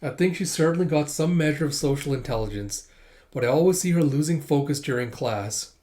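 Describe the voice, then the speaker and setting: A man's voice: fairly high pitch, expressive, brisk, darkish tone, lightly acted. A man reading a stern woman teacher. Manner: stiff, formal and lecturing. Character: strict, formal woman high school teacher.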